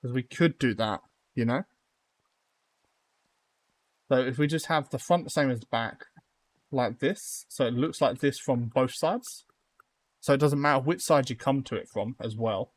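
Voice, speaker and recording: A young man chats loosely with his viewers while he builds in a game on a live stream. He rambles, trails off and restarts often, with an everyday pitch that sits in the middle for a man. His talk stays relaxed and informal throughout. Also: measured pace, pauses often. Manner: rambling, lots of fillers, talks to chat. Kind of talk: casual live-stream chat.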